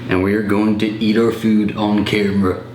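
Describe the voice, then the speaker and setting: A man's voice: fairly low pitch, flat delivery, normal speed, darkish tone. A young man vlogging casually at home, chatty and laughing often. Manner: chatty, laughs often, reads a sponsor spot. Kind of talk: casual vlog chat. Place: home room with echo. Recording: echoey room, faint noise.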